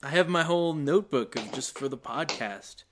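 Dry teasing man, lively pitch. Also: normal speed, slight background noise. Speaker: podcast co-host. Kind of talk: casual chat.

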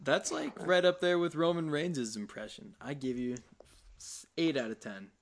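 A man's voice: on the high side, fairly even intonation, normal speed, a little hiss or hum. A man co-hosting a casual podcast, dry and teasing. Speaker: podcast co-host. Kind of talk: casual chat.

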